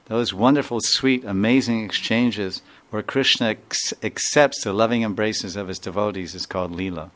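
A man speaking as a spiritual teacher, giving a devotional talk full of storytelling and repeated phrases. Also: on the low side. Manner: warm storytelling with repeated phrases and quoted dialogue.

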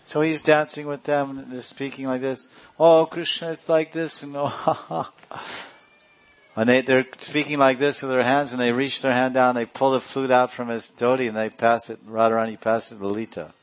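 A man's voice: mid-range voice, flat delivery, brisk, hardly any pauses. A man giving a playful storytelling religious talk, laughing often and acting out characters. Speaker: religious teacher.

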